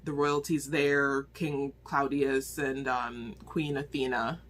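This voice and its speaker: A woman talking casually into her phone as she reviews a book, animated and exclaiming, rambling with restarts. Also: a bass voice, slow pace.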